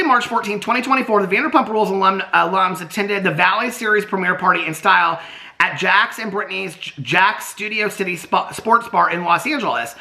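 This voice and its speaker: A man's voice: sits high, creaky, sharp tone. A man with a Southern accent, a YouTube host rambling through casual gossip commentary, trailing off and restarting often.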